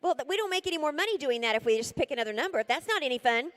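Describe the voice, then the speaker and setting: A woman's voice: high-pitched, animated, racing. A woman calling a live charity auction, coaxing the crowd and rattling off repeated bid figures.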